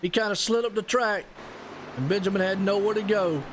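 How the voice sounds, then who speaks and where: A man doing live play-by-play commentary on a sim race, folksy and excitable, dropping y'all and ain't as he talks. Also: sits high, fairly quick, a little hiss or hum.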